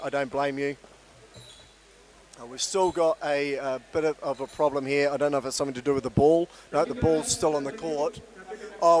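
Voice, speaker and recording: Chatty New Zealand commentator man. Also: fairly high pitch. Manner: chatty, many fillers and restarts. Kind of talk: live sports commentary.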